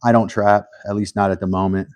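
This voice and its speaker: A man hosting a casual live stream, thinking aloud while he works, humble and a little halting, with frequent restarts. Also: fairly low pitch, flat delivery, a little mellow, clean tone, no echo.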